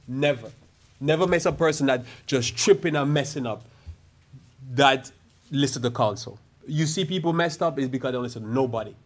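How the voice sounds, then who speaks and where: A man preaching a sermon as a pastor, speaking casually with stories and slow, stretched emphasis on key phrases. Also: medium pitch. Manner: conversational preaching with church storytelling asides. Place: church sanctuary.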